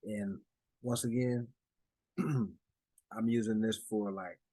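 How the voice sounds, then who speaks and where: A man's voice: fairly low pitch, fairly even intonation, takes it slowly, dark tone, dry recording, low-quality recording. A man presenting a document to a study group in a casual, conversational way, with asides, restarts and direct address. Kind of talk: casual explanatory talk over slides.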